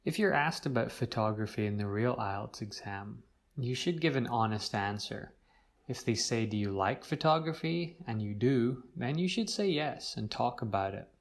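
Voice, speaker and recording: A man teaching an English vocabulary lesson, speaking clearly and drawing out words to show their pronunciation. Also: medium pitch, expressive. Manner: slow, clear, stretches words to model pronunciation.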